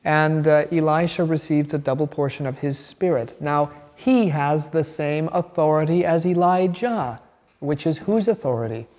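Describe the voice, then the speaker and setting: Male catechism teacher, lively and chatty, quizzing the class, in a reverberant room. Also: a little high, normal speed. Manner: animated, chatty, asks the class questions and laughs. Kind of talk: bible class lesson.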